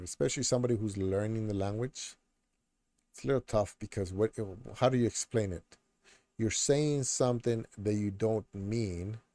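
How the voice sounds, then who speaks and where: A man's voice: lowish voice, mellow, no room sound. Laid-back man chatting with many fillers. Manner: rambling, many fillers and restarts. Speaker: streamer host. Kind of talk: casual chat.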